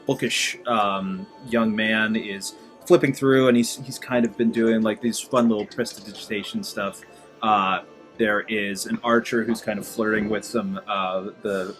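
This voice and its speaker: A man narrating as game master of a tabletop game, in a halting, rambling way. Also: fairly low pitch, fairly bright tone. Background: guitar music.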